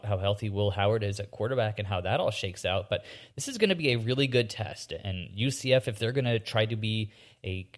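Man, football analyst guest, fairly low voice, earnest, stumbling restarts. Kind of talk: sports analysis.

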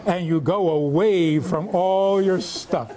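A man's voice: high voice, takes it slowly, mellow. A man, a rabbi, giving a humorous lecture to a live audience, telling stories and asking rhetorical questions.

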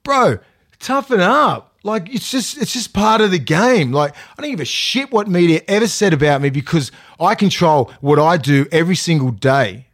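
A man's voice: fairly high pitch, animated, normal speed, few pauses. Blunt Australian man ranting. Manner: blunt, swears a lot, ranting. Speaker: current player and co-host. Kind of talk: casual sports podcast chat.

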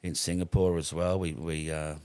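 Deep-voiced Australian man, swearing freely. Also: level tone, normal speed, dark tone, smooth, dry recording. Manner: swears freely, rambling with restarts. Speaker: podcast guest. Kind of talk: casual storytelling.

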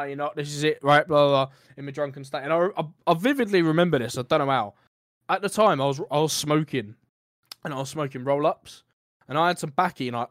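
A man's voice: fairly high pitch, no echo, studio quality. A young British man co-hosting a podcast, rambling through an anecdote and laughing as he goes. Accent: British English. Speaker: podcast co-host. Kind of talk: casual chat, rambling anecdote.

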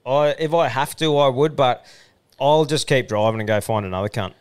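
A man's voice: mid-range voice, normal speed, clear, resonant tone. A man co-hosting a podcast in casual, crude banter, swearing freely and laughing often. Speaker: podcast co-host.

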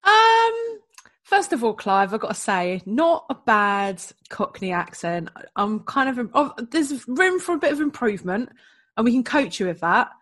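A woman's voice: a little high, big pitch swings, moderate pace, a bit bright. A woman with an East London accent, bubbly and giggly in a casual panel chat. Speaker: podcast panelist.

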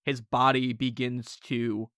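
A man's voice: mid-range voice, level tone, slow pace, a bit bright, no room sound. A man running a tabletop game, telling the scene in a loose, joking way and laughing between lines. His voice sounds dry and close to the mic, with no room around it. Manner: laughs often, casual with fillers. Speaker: game master.

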